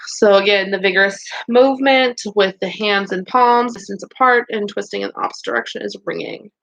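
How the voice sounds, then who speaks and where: A woman's voice: medium pitch, brisk, a bit bright. A woman teaching a beauty school class online, reviewing quiz questions with students in an upbeat, encouraging, chatty way.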